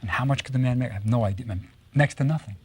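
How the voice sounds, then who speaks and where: A man giving a recorded lecture on Egyptology, telling stories with lively rhetorical questions and frequent tag questions. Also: medium pitch, rapid-fire, slightly rough. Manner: animated storytelling with rhetorical questions; tags statements with "right?".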